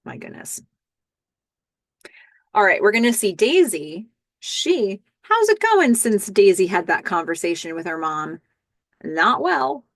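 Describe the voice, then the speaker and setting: A woman's voice: mid-range voice, very animated, a little slow, dry recording. A woman hosting a podcast, recapping a TV episode in a chatty way and acting out the lines she quotes. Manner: chatty, stammers and restarts, acts out quoted lines. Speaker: podcast host. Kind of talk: TV episode recap, casual narration.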